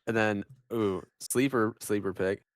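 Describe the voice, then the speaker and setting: Young male co-host, low-ish voice, blunt casual banter, swears easily, dry close sound. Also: measured pace, no echo. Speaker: podcast co-host.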